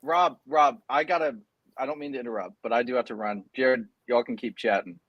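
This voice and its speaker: A man on a podcast politely excuses himself in a hurry. He speaks at a normal middle pitch in an easy, friendly tone. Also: a little fast, no room sound, muffled recording. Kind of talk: casual chat.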